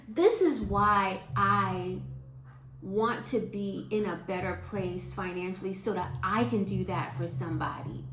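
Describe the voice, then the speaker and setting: A woman, telling stories to her viewers in a chatty, expressive way. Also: medium pitch, echoey room, slight background noise. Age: 50s. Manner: chatty and expressive, quotes people in lively voices. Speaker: vlogger. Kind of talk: casual storytelling to viewers.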